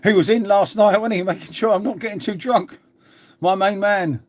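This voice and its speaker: A man's voice: sits high, moderate pace. A middle-aged man, hosting a casual live stream, chatting bluntly with viewers, swearing freely and calling them mate. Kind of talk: casual live chat reading comments.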